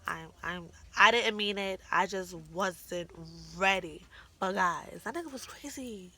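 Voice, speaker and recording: Bright-voiced young woman telling a story. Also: medium pitch, measured pace. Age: young adult. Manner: animated, swearing, slangy storytelling. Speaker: vlogger. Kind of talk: casual storytime vlog.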